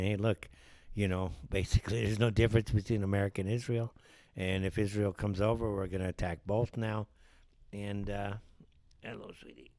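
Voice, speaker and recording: Heated talk-show host, dry close mic. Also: male voice, on the low side, a little mellow, dry recording. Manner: heated, sarcastic rants. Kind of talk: livestream commentary.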